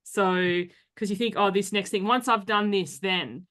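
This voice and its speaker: A woman's voice: mid-range voice, steady tone, a bit bright. Chatty woman hosting a podcast. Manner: chatty, quick asides and frequent laughter. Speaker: podcast host. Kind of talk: casual conversational interview.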